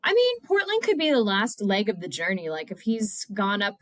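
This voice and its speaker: Woman, podcast co-host, wry, blunt, profane, lively pitch, dry sound. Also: normal speed, no echo. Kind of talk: casual recap chat.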